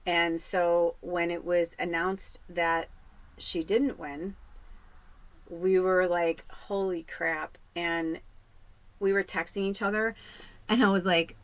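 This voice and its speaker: A woman's voice: on the low side, steady tone, slow pace, pauses often, no echo, poor audio. Rambling, chatty woman medium. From US West Coast. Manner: rambling, chatty, swears freely. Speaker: psychic medium. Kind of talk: casual spiritual monologue. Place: home podcast set.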